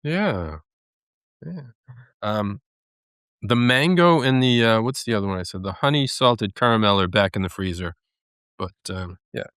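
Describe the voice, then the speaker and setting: A man co-hosting a podcast in casual chat, rambling and hesitant with many pauses. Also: on the low side, lively intonation, a bit bright, clear, resonant tone, no echo, studio quality. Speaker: podcast co-host.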